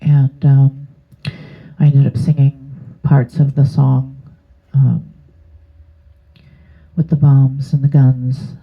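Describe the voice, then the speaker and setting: A woman's voice: rumbling low, little pitch movement, slow, long pauses, husky. A woman giving a casual tarot reading to her channel, rambling and hesitant with many fillers. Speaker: tarot reader. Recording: tinny phone-like sound.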